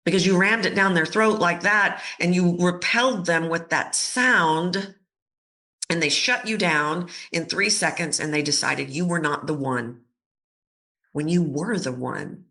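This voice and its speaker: Woman, voice coach, podcast interview, bright tense tone, lively storytelling with acted-out voices. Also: on the low side, unhurried. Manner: expressive, acts out quoted voices. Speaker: voice coach guest.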